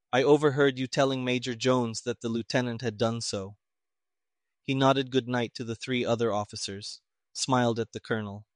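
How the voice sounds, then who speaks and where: A man's voice: medium pitch, no room sound. Man reading a pulp mystery, dry sound. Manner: even, measured reading with quoted dialogue voiced lightly. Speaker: audiobook narrator. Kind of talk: scripted narration.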